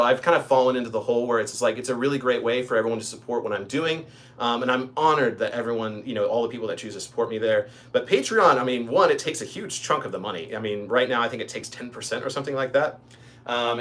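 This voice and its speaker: A man's voice: medium pitch, a bit bright. A man from Kentucky hosting a casual livestream, rambling with many ums and restarts. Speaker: livestream host.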